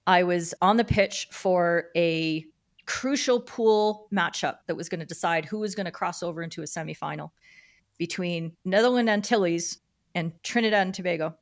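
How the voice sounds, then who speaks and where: A middle-aged woman from Canada, a guest on a podcast, telling stories about her career in a lively, casual way and acting out the voices of the people in them. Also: lowish voice, moderate pace. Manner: animated storyteller who acts out quoted dialogue. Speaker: podcast guest, field hockey umpire. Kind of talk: casual interview storytelling.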